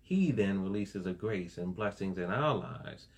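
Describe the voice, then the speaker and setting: Preaching in an easygoing, conversational style, this pastor has a low, gravelly, expressive voice and takes his time. He frequently tosses in "right?" and shares laughs with the congregation.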